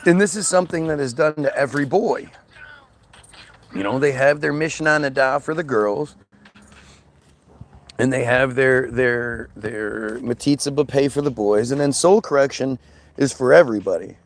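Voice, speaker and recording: Gravelly, angry ranting man. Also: medium pitch, moderate pace. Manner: angry, profane, sarcastic ranting; mocks others in put-on voices. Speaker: commentator. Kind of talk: ranting commentary video.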